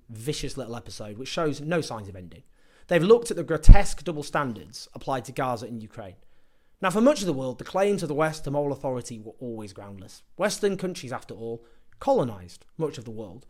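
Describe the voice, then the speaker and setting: A man's voice: mid-range voice, darkish tone. A man giving an impassioned political commentary, sarcastic and emphatic as he builds his points.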